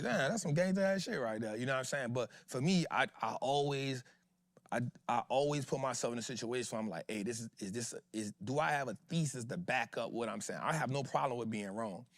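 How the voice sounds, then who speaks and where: A man's voice: medium pitch, no echo. Slangy, emphatic man hosting a market show. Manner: slangy, emphatic, repeats rhetorical questions to the audience. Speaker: host of an investing show. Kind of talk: casual livestream market talk.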